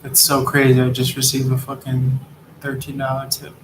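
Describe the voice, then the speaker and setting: A man's voice: medium pitch, monotone, normal speed. A man giving a rambling, profane, streetwise spiritual monologue while riding an e-scooter in traffic. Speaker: tarot reader and delivery rider.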